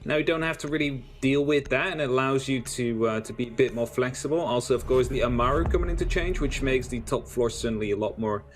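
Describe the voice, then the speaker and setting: A man's voice: medium pitch, fast, hardly any pauses. Chatty male esports caster. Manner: chatty, self-deprecating, stumbles into analysis with fillers. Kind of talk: live esports commentary.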